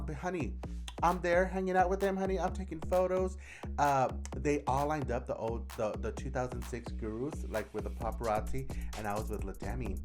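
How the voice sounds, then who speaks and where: A young adult man, a drag queen vlogger, telling stories in a sassy, animated way and often squealing into high voices for quotes. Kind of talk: casual chatty vlog storytelling.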